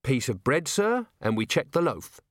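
A man's voice: mid-range voice, sing-song, normal speed, no echo, clean studio sound, pitched above the performer's own voice. A man voicing an earnest, helpful young constable in an audiobook who answers respectfully. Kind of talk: audiobook character voice.

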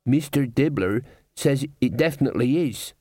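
An eager young band member, as a man does the voice, pitched a little above the reader's own, with a dry, close sound. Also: animated, normal speed, dark tone, no room sound, lightly acted.

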